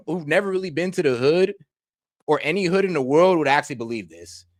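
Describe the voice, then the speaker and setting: A man's voice: on the high side, brisk. A man co-hosting a reaction show, talking in casual, slangy, emphatic chat. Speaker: co-host reacting to a video.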